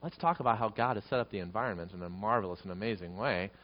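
Earnest male preacher, slightly lo-fi. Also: racing. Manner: earnest preaching, swells loud and high on repeated phrases. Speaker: pastor. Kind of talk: sermon.

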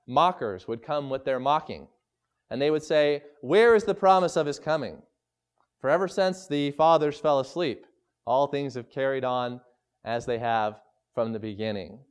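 A man preaching a sermon as pastor, emphatic, slowing down to stress scripture quotes. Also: fairly high pitch, animated, clean tone.

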